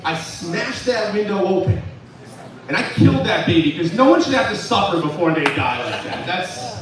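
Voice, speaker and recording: A man performing a stand-up comedy set at a club, telling dark jokes in a deadpan way with laughing asides. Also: high voice, normal speed. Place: comedy club stage with live crowd. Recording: echoey live room from far off with crowd.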